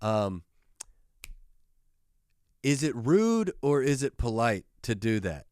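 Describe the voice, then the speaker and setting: A male podcast host telling casual, jokey stories in a loose, profane, animated way, close to the microphone. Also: medium pitch, slow pace, clean tone, dry recording. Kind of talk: casual storytelling chat.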